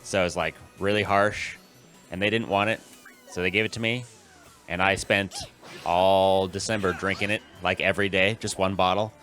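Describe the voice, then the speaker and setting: A man's voice: low-pitched, steady tone, normal speed, a bit bright. A man telling a short laid-back story in casual chat. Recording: faint game music behind.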